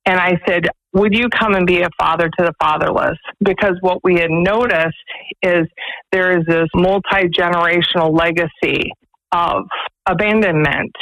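An earnest woman tells stories as a radio interview guest. She leads a faith-based pregnancy center and talks in an animated, storytelling way. The studio sound is dry and close. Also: fairly low pitch, no echo, low-quality recording. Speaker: executive director of a pregnancy resource center.

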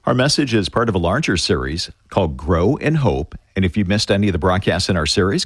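A man reading a scripted radio program announcement in a friendly, measured way. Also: low-pitched, slightly rough, no room sound, studio quality.

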